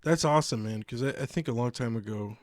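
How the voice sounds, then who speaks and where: A man co-hosting a casual podcast, telling stories in an animated way with a lot of swearing. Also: mid-range voice, quick pace, no echo, studio quality. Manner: profane, animated storyteller. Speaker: podcast co-host. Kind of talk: casual chat. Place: remote recording, like a video call.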